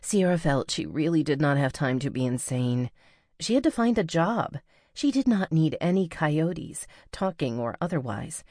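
A woman narrating a novel as an audiobook reader, in a measured, even storytelling manner. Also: sits low, dry recording, clean studio sound. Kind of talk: scripted narration.

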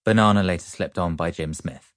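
A man giving an expressive, playful reading of a children's book. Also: sits low, brisk, dry recording, studio quality. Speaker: audiobook reader. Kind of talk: animated children's book narration.

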